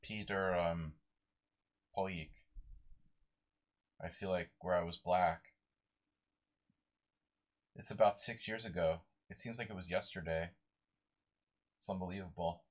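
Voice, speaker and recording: Low-voiced man muttering chess moves. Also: steady tone, takes it slowly, long pauses. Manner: muttering moves to himself, mumbly. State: sleep-deprived. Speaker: chess streamer. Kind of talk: live game commentary.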